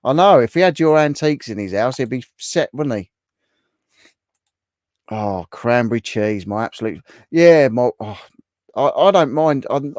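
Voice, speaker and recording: A middle-aged Englishman chats away on his livestream, reading out and answering viewers' comments as he goes. His voice sits at an ordinary pitch and sounds close and dry, with no room around it. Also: a little mellow, dry recording. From England. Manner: chatty, reacting to viewer comments. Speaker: livestream host. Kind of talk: casual live chat.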